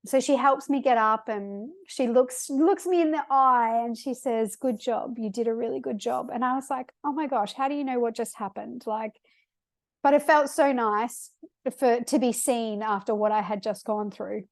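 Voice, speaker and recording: Young female podcast host, higher voice, dry close mic, chatty confessional storytelling. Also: normal speed, no room sound. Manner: chatty, frequent "like" fillers, emotional. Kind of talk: personal storytelling, casual.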